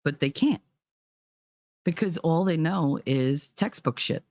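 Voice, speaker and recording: A woman's voice: deep voice, takes it slowly, a little mellow, no room sound, clean studio sound. Blunt, profane woman with a Jersey accent. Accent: New Jersey. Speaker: vlogger. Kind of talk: ranting monologue.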